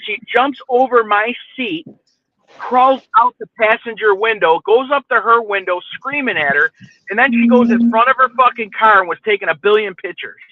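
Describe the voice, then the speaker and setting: Guy with a higher voice telling a story, swears a lot, sounds thin like it's over a phone. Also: moderate pace, no room sound, phone-quality sound. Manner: profane, animated, keeps asking "you know what I mean". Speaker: podcast host telling a story. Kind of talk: casual storytelling chat.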